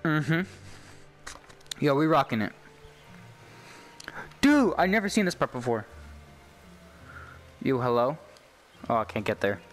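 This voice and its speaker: A young man giving let's-play commentary on a game he has waited for, excitable and cheering on his character. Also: mid-range voice, slow, pauses often, soft background music. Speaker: YouTube gamer.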